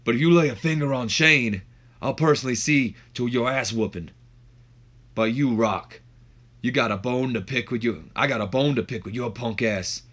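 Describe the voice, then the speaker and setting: A man putting on a raspy voice as a proud male wrestler talking tough in street slang. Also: mid-range voice, moderate pace, a bit bright, natural voice. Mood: defiant.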